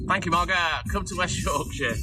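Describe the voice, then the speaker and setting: A man's voice: high-pitched, quick pace. A man in his fifties, a milkman chatting casually on a phone live stream and greeting viewers by name. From England. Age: 50s. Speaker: milkman livestreaming. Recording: music playing behind.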